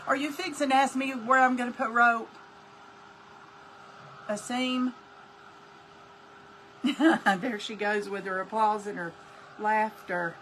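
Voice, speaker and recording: A woman's voice: on the high side, fairly even intonation, takes it slowly, pauses often, a bit bright, slight background noise. An older woman, chatting folksily with viewers on a crafting live stream as host. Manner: chatty, folksy, talks to viewers while working.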